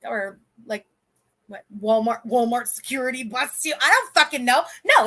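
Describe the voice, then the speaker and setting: A high, sharp voice belongs to a livestream host in her thirties. She chats casually, bluntly and indignantly, swearing and rambling with restarts.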